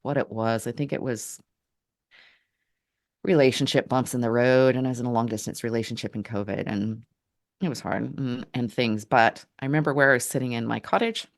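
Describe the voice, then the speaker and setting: A woman telling a personal story in an earnest, halting way, restarting her sentences as she reflects. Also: rumbling low, fairly even intonation. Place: Portland area, Oregon.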